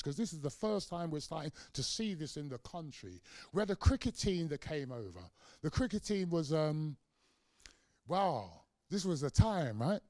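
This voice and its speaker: Older London man, activist lecturer, passionate storyteller, slightly high voice, dry close sound. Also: darkish tone, dry recording. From London, England. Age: 60s. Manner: passionate storytelling, acts out dialogue. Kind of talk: public lecture. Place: lecture room.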